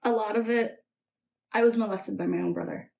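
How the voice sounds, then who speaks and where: A young woman as an interview guest, telling a painful personal story in a halting way, full of "like" and "um". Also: mid-range voice, steady tone, vocal fry, darkish tone, slight background noise. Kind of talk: emotional personal testimony. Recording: dull, muffled recording with faint music.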